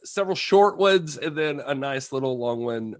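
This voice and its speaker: Lively, laughing male podcast host. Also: fairly high pitch, moderate pace. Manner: laughing, easygoing. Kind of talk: casual podcast chat. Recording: roomy echo.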